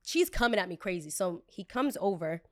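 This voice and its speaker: A woman hosts a casual chat show and tells her stories with dramatic flair. She jumps into quoted dialogue and keeps the retelling animated. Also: fairly low pitch, a little fast. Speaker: podcast host. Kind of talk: casual storytelling.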